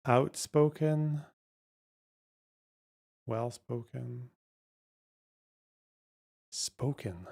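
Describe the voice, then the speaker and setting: Slow, muttering male streamer. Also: medium pitch. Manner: slow, muttering, trails off and swears casually. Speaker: livestream host. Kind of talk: casual livestream, thinking aloud over a word puzzle.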